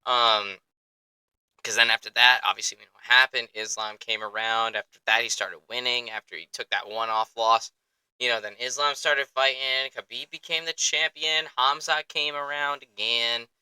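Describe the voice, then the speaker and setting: A young man hosting a sports podcast in an excitable, rambling, profane way, close to the mic. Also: medium pitch, moderate pace, clean tone, no echo, low-quality recording. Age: young adult. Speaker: podcast host. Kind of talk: casual chat.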